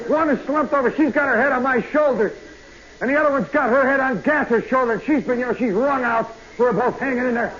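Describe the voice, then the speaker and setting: A man telling a comic story in a live radio monologue, swinging from hushed asides to loud yelps. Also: very high voice, fairly quick. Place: nightclub stage. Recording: muffled vintage radio broadcast with hiss.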